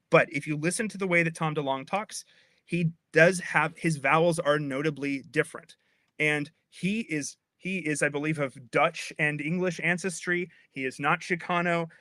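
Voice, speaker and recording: A man in his thirties, a linguist guest, explaining in an animated, chatty way with frequent restarts. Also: a little high, no echo. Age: 30s. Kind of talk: casual explanatory chat.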